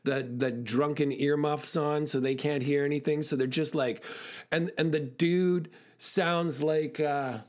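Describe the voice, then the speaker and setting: A man giving a motivational talk who tells stories in quick, animated bursts with frequent fillers. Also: on the high side. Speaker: speaker.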